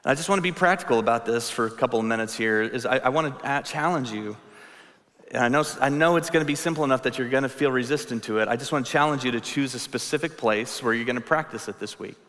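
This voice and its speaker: Bright-voiced male pastor in a reverberant hall. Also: medium pitch, fast talker. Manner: earnest and emphatic, repeating key phrases. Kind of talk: sermon. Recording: long reverb of a large hall.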